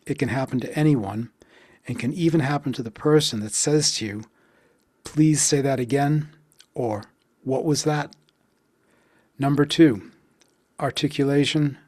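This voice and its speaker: A man's voice: medium pitch, a little mellow, dry recording. Dry-voiced man teaching pronunciation. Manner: deliberate, spells out stress beats slowly when counting. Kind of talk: instructional explanation with slow practice drills.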